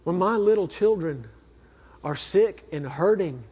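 Husky preacher guy, highish voice, earnest sermon story, muffled hall recording. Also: expressive, a little slow. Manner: earnest, swings between fervent and hushed. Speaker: minister. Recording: echoey hall, dull sound.

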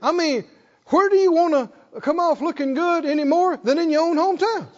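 High-pitched preacher guy, sermon, keeps asking the crowd if that's right, kinda muffled recording. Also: brisk, long reverb tail. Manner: rhetorical, asks the congregation to respond.

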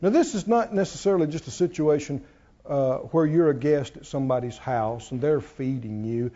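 A man preaching a sermon, folksy and animated, often laughing and acting out people in low mock voices. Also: moderate pace, muffled recording.

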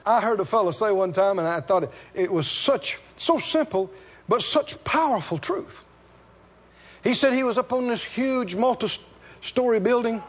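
High-voiced, lively male preacher. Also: moderate pace, lo-fi sound. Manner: folksy, animated preaching with acted-out dialogues. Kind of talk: sermon.

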